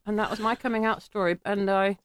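A middle-aged English woman telling a personal story, animated and laughing, acting out quoted voices. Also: medium pitch, quick pace, clear, resonant tone. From England.

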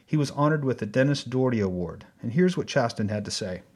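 A man's voice: medium pitch, animated, quick pace, a little mellow. Man hosting a news feature. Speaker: news show host. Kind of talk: scripted news narration.

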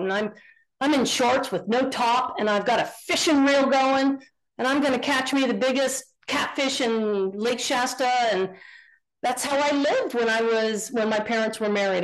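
Middle-aged woman guest, lively storyteller who acts out each voice, higher pitch. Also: poor audio. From Northern California. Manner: animated storyteller, acts out quoted dialogue. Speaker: guest, contractor. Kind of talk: casual storytelling interview.

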